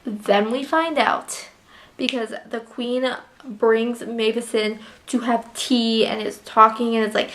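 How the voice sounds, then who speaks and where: Excited young woman gushing over a book. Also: a little high, slow pace. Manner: gushing, emotional, filler-heavy retelling. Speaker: book reviewer. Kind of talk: casual book review chat.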